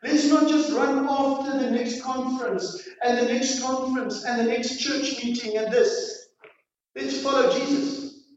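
A pastor preaching a sermon, pushing hard on his exhortations and then dropping to quiet, dramatic lines. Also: very high voice, fairly even intonation, unhurried. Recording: distant, echoey hall, dull sound.

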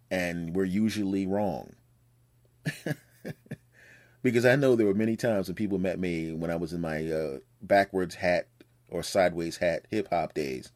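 A man with a fairly low voice talks alone on his podcast, spinning a story in a loose, rambling way. He jokes, swears and slips into little acted-out quotes of other people. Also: darkish tone. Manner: rambling storytelling, acts out quotes, profane and joking. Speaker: podcast host. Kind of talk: casual monologue.

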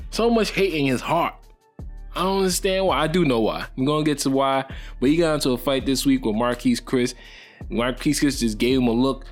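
A young man hosting a podcast, giving casual, joking sports opinions in a lively, rambling way. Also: medium pitch. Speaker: podcast host.

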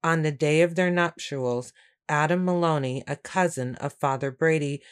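A woman voicing a calm, commanding gentleman of means who speaks in a measured, controlled way while reading a story aloud. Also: low-pitched, clean tone, close to an everyday voice. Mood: urgent. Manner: measured, controlled, briefly angry.

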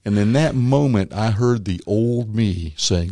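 A man, a former magician and comedian turned minister, tells his faith story as an interview guest, animated and acting out the voices of others. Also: on the low side, unhurried, no echo, clean studio sound. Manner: animated storyteller who acts out quotes. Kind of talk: personal faith testimony in conversation.

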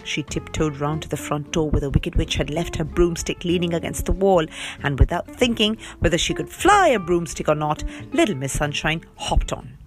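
A woman reading a children's storybook aloud in an animated, giggly, playful way. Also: sits low, normal speed, music in the background. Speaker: reader.

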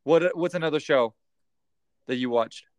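A man's voice: fairly high pitch, normal speed, dry recording. A man hosting a casual podcast chat, joking and laughing often. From United States. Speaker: podcast host.

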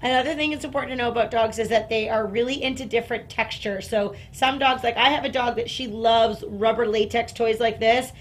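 A woman dog trainer explaining and demonstrating toys, breaking into excited praise for her dog. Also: fairly quick, hardly any pauses, slight background noise. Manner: upbeat, bursts into high excited praise for the dog.

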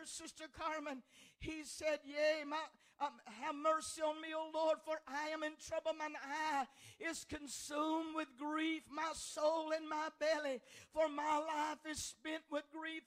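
A woman's voice: high-pitched, monotone, a little slow. Hollering woman preacher. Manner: fervent, hollering delivery with repeated phrases. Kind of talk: shouted Pentecostal-style sermon.

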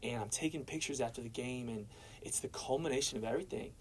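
A man's voice: medium pitch, fast, slight background noise, low-quality recording. A young man sharing his personal faith testimony as a guest, telling it casually and dropping "man" and "bro" along the way. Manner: casual, storytelling, peppers speech with "man" and "bro".

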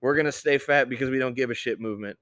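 A man's voice: medium pitch, very fast. Profane ranting young man host. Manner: profane, ranting, loud outbursts. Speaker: podcast host. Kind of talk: casual podcast chat.

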